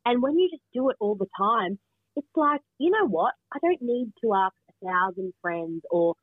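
A woman's voice: mid-range voice, animated, moderate pace, breathy edge, no echo. A middle-aged woman as a guest, chatting earnestly and eagerly over a remote call. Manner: earnest, enthusiastic storyteller. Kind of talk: casual chat. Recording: tinny phone-line sound.

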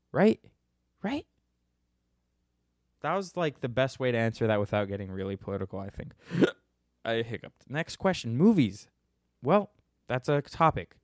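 A man's voice: medium pitch, no echo, clean studio sound. A young man hosting a podcast, answering listener questions in a casual, irreverent way and laughing at his own jokes.

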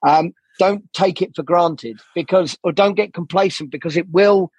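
A man's voice: high voice, normal speed, a little mellow, slightly rough, no echo, highs cut off. A man as a podcast guest, talking candidly and rambling, swearing often and acting out the people he quotes. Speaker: podcast guest, jazz saxophonist.

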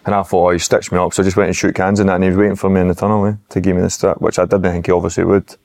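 Fast gravelly Scottish man telling stories. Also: low voice, little pitch movement, darkish tone. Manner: rambling, anecdotal storytelling. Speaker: guest, former footballer. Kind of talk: casual podcast chat.

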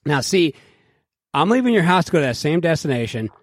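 A man's voice: fairly high pitch, a little fast, no echo, clean studio sound. A man co-hosting a podcast, telling stories with lots of swearing and acted-out quotes in casual chat. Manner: loud, swearing, animated storytelling with put-on quotes. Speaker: podcast co-host.

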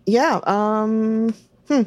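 A woman co-hosting a comedy podcast, chatting wryly and asking quick questions. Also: on the high side, darkish tone, no echo. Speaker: podcast co-host. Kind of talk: casual chat.

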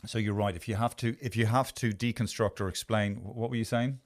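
A man's voice: fairly low pitch, fairly even intonation, a little fast. A man in his fifties hosting a podcast in a studio, rambling through stories with a lot of swearing and self-mockery. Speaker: podcast host. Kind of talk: casual podcast chat.

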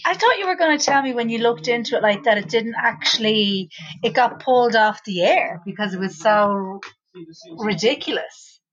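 A woman co-hosting a casual chat, blunt and quick to swear, with short reactions. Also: on the high side, expressive, fairly bright tone, muffled recording.

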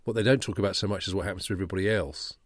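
A man's voice: low-pitched, steady tone, rapid-fire, no echo, studio quality. A man co-hosting a podcast, explaining things thoughtfully in casual chat. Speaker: podcast co-host.

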